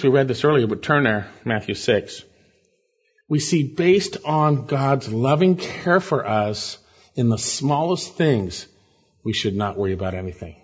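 A man preaching an expository sermon as pastor, emphatic, with sharp jumps in pitch on key words. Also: breathy edge. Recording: dull, lo-fi church recording.

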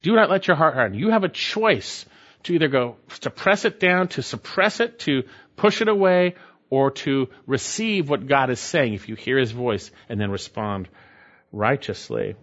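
A man's voice: animated, measured pace, a bit bright. Man preaching a sermon, lo-fi sound. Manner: emphatic preaching, rising pitch when stressing points. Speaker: pastor.

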